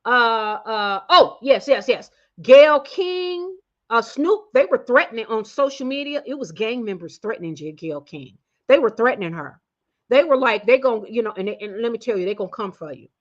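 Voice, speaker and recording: A woman with a high voice delivers a casual, slangy opinion rant as a channel host. She meanders through fillers and restarts, jumping between loud outbursts and low muttered asides. The recording sounds slightly muffled and lo-fi. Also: lively intonation, normal speed.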